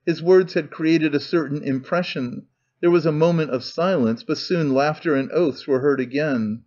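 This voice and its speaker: A man reading a novel aloud as an audiobook narrator, in steady, measured storytelling. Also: on the high side, lo-fi sound. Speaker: audiobook reader. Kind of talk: scripted narration.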